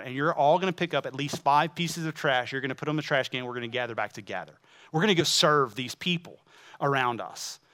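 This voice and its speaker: A pastor delivers a sermon to his congregation in a high, bright voice. He fires off rhetorical questions, swinging between loud, emphatic lines and hushed, intimate asides.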